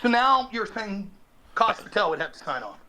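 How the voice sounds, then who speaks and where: High-voiced sarcastic man in a debate. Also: big pitch swings, fairly quick, bright, forceful tone, rough recording. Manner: sarcastic, talks over the other speaker. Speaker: debate guest. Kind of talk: heated debate.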